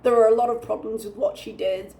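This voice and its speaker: A woman's voice: on the high side, fairly even intonation, fairly quick, dark tone. A young woman hosting a reaction channel, ranting candidly and swearing freely as she comments.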